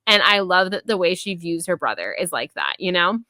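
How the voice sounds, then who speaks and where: A woman hosting a podcast, chatting casually about a book, full of fillers and quick voiced quotes from the characters. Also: lowish voice, sing-song, bright, forceful tone, dry recording. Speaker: podcast host. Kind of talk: casual book review chat.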